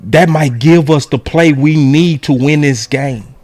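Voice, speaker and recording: A man hosting a casual sports show, breaking down game film and shouting key words. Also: fairly high pitch, unhurried, no room sound, faint music behind. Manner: animated, shouts key words, talks to his audience.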